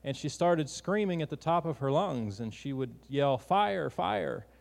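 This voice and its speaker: A male preacher at a mid pitch talks through his sermon earnestly and conversationally, often restarting his sentences. His voice carries a long, lingering hall reverb. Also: expressive, moderate pace, a little mellow.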